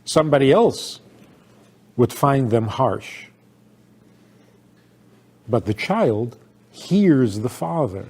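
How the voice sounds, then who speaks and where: A man's voice: mid-range voice, animated, slow pace, pauses often, a little mellow, breathy edge. An older man, a rabbi, giving an informal talk to an audience, telling stories, asking rhetorical questions and laughing often.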